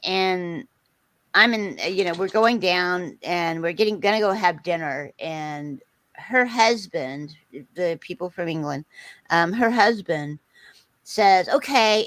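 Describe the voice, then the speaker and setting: A woman's voice: on the low side, a little slow, no room sound, low-quality recording. Chatty woman telling a funny story. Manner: animated storyteller, acts out quotes, laughs often. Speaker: host. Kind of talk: casual storytelling chat.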